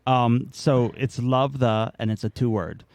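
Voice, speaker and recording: A man's voice: mid-range voice, steady tone, a little slow, darkish tone, dry recording. A man co-hosting a podcast in casual, joking chat, rambling and playful. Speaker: podcast co-host.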